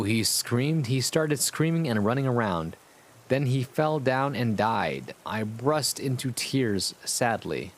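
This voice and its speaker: A man's voice: mid-range voice, animated, a little slow, slight background noise. A young man streaming a comic read-through of a fan story, breaking off with sarcastic, laughing asides. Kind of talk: comic live-stream reading with commentary.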